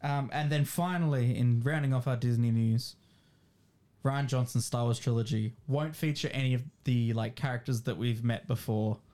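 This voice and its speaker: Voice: mid-range voice, steady tone, moderate pace, warm tone. A podcast co-host in casual chat, chattily going through film news items.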